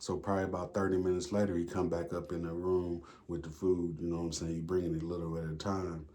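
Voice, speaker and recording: A man's voice: low voice, flat delivery, fast, dark tone. A man telling a prison story in a casual, rambling monologue, full of slang and swearing. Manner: slangy, profane, rambling with fillers.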